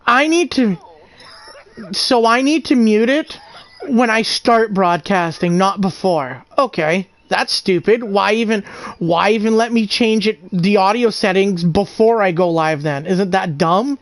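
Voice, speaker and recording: A man's voice: high-pitched, measured pace, no echo. Rambling young man hosting a stream. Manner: rambling, hesitant. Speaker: streamer host. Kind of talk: casual gaming stream chat.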